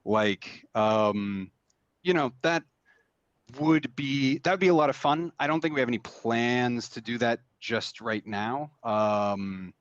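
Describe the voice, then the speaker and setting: A man's voice: mid-range voice, slow pace, dry recording, dull audio. A man talking casually in an interview about making games, rambling with many fillers and restarts. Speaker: game designer guest.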